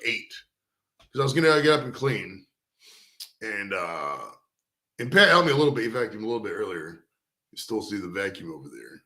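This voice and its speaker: A man's voice: medium pitch, a bit bright, echoey room. A man hosting a casual stoned chat, rambling at length and swearing, calling everyone dude. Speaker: host. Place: studio.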